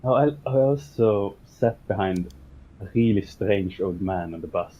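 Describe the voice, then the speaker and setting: A man's voice: low voice, unhurried, mellow, dull audio, slight background noise. A man in a casual podcast chat, telling a story and laughing as he goes. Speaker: podcast guest.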